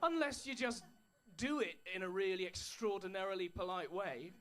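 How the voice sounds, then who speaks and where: A man's voice: high-pitched, moderate pace, few pauses, a bit bright, a little hiss or hum. A man doing stand-up comedy, dry storytelling with put-on posh voices. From England. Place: comedy club stage with an audience.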